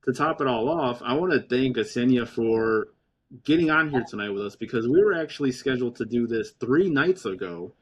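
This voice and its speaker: A man's voice: mid-range voice, expressive, fairly quick, husky. A man hosting a podcast, recapping the night's troubles in a rambling, casual storytelling way. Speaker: podcast host. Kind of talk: casual chat.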